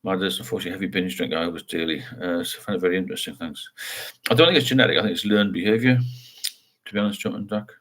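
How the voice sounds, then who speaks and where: This livestream host is an older man with a deep, fairly bright voice who talks very fast. He rambles frankly through a casual live chat, reads out viewer comments, and tends to finish sentences with tag questions.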